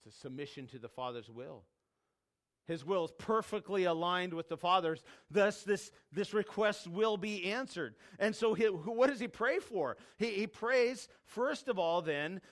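A man's voice: high-pitched, lively intonation, a little slow. A man preaching a sermon, emphatic, repeating key words and dropping his voice when quoting scripture. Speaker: pastor.

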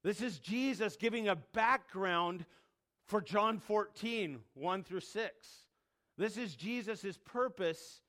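A man's voice: sits high, fairly bright tone. A man preaching a sermon, emphatic, repeating key words and dropping his voice when quoting scripture. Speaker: pastor.

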